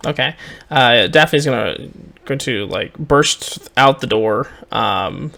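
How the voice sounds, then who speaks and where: A man narrating as game master for a tabletop role-playing game, describing scenes in a halting way. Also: mid-range voice, expressive, gravelly, pushed and bright.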